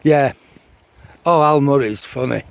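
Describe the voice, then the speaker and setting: Unhurried man in his seventies. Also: mid-range voice, vocal fry, rough recording. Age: 70s. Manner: unhurried rambling chat, answers viewers' comments. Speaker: live-stream host. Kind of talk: casual walk-and-talk live stream. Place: outdoors, rural coast.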